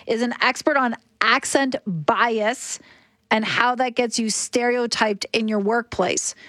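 A woman's voice: on the high side, fairly bright tone, dry recording. Woman host, dry close sound. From Canada. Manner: earnest, explanatory storytelling. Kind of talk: conversational news talk.

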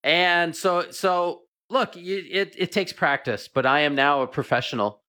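A middle-aged man, a veterinarian guest, chatting and telling animated stories in a radio interview. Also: a little high, unhurried.

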